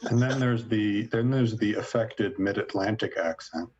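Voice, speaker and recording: A man explaining ideas in a measured, lecturing way during a casual podcast chat, on dull lo-fi audio. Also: lowish voice, darkish tone, breathy edge.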